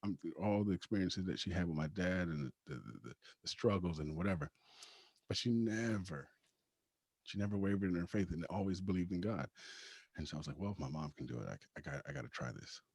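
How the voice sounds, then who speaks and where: A man with a husky voice, a podcast guest telling a personal story casually, laughing often and acting out the lines of the people in it. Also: deep voice, fairly quick, a little mellow, no room sound. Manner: acts out quoted dialogue.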